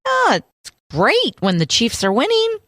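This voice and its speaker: A woman's voice: high-pitched, wildly swooping pitch, unhurried, a bit bright, no room sound, studio quality. A woman co-hosting a podcast, teasing her partner and leading the segment in casual chat. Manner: teasing, upbeat, leads the segment. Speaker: podcast co-host.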